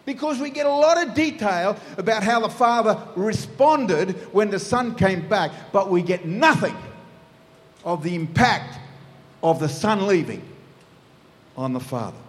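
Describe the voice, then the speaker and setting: A preacher with a high-pitched voice delivers a sermon, telling the story in a lively way and acting out its scenes. His voice carries through a long, echoing hall. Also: measured pace. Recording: echoey hall.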